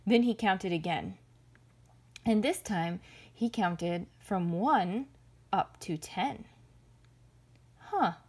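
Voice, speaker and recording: Breathy woman reading a rhyming story. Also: medium pitch. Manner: gentle, rhythmic read-aloud. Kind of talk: reading a rhyming picture book aloud.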